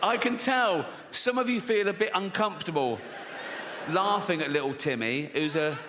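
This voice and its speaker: A man's voice: high-pitched, animated, moderate pace, background noise. A man performing a profane, mocking stand-up comedy routine on a live stage. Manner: profane, mocking, acts out characters' voices. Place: live theatre stage with audience. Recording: reverberant venue with faint ambience.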